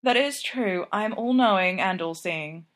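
Woman reading a drunk goofy college guy, bragging, kinda loud. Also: sits high, normal speed. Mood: playful.

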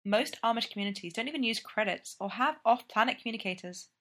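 A woman narrating a story aloud with an expressive, lively delivery. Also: a little high, fast. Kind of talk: story reading.

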